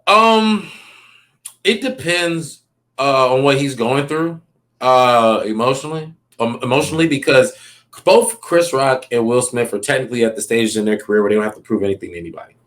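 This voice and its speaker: A man's voice: medium pitch, moderate pace, fairly bright tone. A man, a comedian, telling stories in a casual, rambling interview and checking in with "you know what I mean" often. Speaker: comedian guest. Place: Los Angeles.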